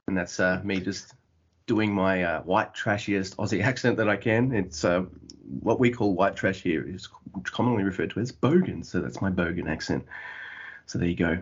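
A man's voice: low-pitched, normal speed, husky, highs cut off. A man co-hosting a podcast in rambling casual chat. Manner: rambling, with restarts and swearing. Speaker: podcast co-host.

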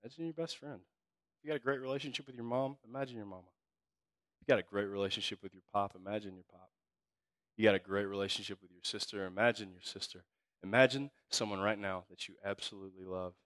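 A man preaching a sermon as pastor, telling stories in a casual, slangy way and swinging from hushed to loud. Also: lowish voice, steady tone, quick pace, no echo.

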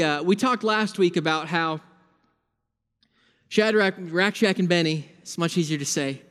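A man with a high-pitched voice preaching a sermon in a church sanctuary. He talks to the congregation conversationally and stacks repeated phrases for emphasis. His voice rings out with the long reverb of a large hall. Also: clear, resonant tone. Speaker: pastor.

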